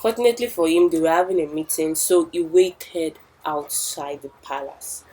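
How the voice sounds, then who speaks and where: A woman's voice: sits low, normal speed, warm tone, rough recording. A young woman telling a village story with chatty asides to the listener. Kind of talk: oral storytelling.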